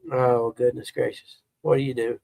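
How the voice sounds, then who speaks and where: A man's voice: mid-range voice, darkish tone, no echo. A middle-aged man, telling rambling stories as a livestream host in casual chat. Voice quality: gravelly, husky. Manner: rambling, laid-back storytelling.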